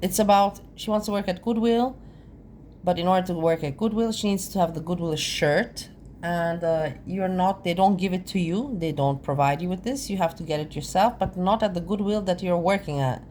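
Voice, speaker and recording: A lower-pitched woman who is not a native English speaker talks over a clip she is reacting to. She is wry and laughs often, and she slows down to explain. Faint ambient noise sits under her voice. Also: a little mellow. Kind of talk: casual reaction commentary.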